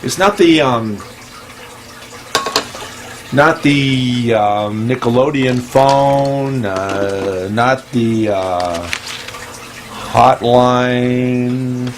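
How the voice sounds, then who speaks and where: A man hosting a casual comedy show, talking in a hesitant, playful deadpan full of ums and restarts, with sudden high-pitched exclamations. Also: very slow, long pauses, background noise. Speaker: host. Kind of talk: casual rambling comedy monologue.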